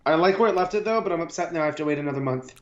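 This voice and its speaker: A man co-hosting a casual comic book review podcast, giving his opinions in a relaxed, agreeable way. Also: on the high side, rapid-fire. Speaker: podcast co-host. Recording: roomy, dull lo-fi sound.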